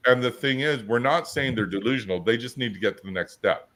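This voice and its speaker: A business coach hosts a podcast, speaking fast in a mid-range, fairly bright voice. He chats casually about coaching and tells stories where he acts out both sides of the conversation.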